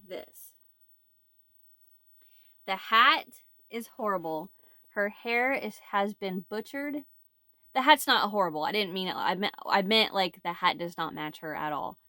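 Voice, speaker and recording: A woman's voice: mid-range voice, bright, forceful tone, dry recording, clean studio sound. A woman chatting casually to camera as a crochet vlogger, rambling and laughing easily. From United States. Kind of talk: casual chat.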